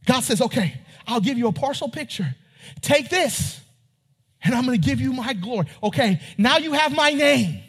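A man preaching a sermon, reading scripture and asking his congregation questions, rising at times to near-shouting. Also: extremely high pitch, animated, moderate pace, breathy edge. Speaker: pastor.

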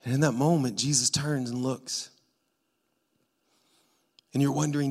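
A man preaching a sermon in church, telling the story dramatically and swinging from hushed tones to loud cries. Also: mid-range voice, fairly even intonation, unhurried, creaky, long pauses, slightly rough. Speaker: pastor.

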